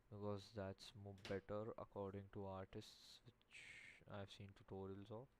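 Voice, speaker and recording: A man streaming himself drawing, thinking aloud in a halting, self-critical way with muttered asides. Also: fairly low pitch, a little mellow, slight background noise, poor audio. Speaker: artist streaming a drawing session. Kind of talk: thinking aloud while sketching.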